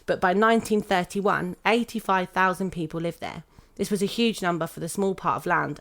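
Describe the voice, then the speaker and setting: A young British woman hosting a podcast, reading a prepared script in a steady, measured way. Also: fairly low pitch. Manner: steady, measured reading, laughing now and then. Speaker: podcast host.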